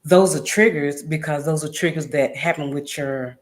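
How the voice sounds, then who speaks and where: A woman's voice: low-pitched, moderate pace. Earnest woman telling her own story. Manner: earnest, emphatic, repeats phrases for weight. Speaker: guest. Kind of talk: candid personal storytelling.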